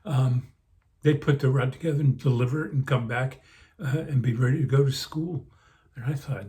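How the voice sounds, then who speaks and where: An older man hosting a vlog and telling a slow, rambling childhood memory, full of fillers and restarts, yawning now and then. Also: mid-range voice, mellow. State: yawning, sleepy. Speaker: vlog host. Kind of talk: casual reminiscing.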